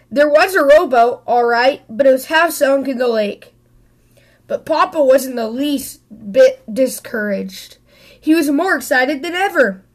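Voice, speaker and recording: A woman reads a children's picture book aloud in a high, expressive voice. Now and then she stumbles and repeats a word, then carries on. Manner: expressive, with small slips and restarts. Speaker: storybook reader.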